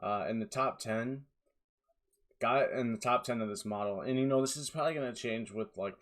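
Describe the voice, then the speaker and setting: A young man in his twenties giving rambling, tired solo commentary on fantasy golf picks, with lots of fillers and restarts. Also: fairly low pitch.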